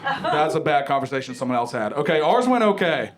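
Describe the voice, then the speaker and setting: A young man from Ohio doing a stand-up comedy set in a club, animated and conversational, acting out other people's voices. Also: a little high, a little fast. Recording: live club recording with loud crowd noise. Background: loud audience laughter.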